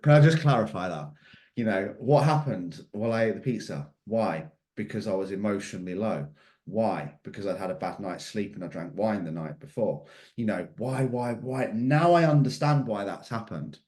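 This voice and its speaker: In an echoey room, a middle-aged man coaches on mindset, giving an emphatic motivational talk full of repeated questions. He speaks at a moderate pace in a lowish, darkish voice.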